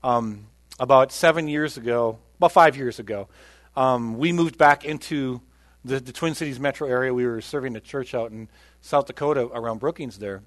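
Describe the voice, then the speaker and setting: A middle-aged man, a pastor telling a personal story in a sermon, conversational, with hushed quiet stretches. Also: medium pitch, normal speed, dry recording. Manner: conversational, drops to a hushed voice for quoted moments.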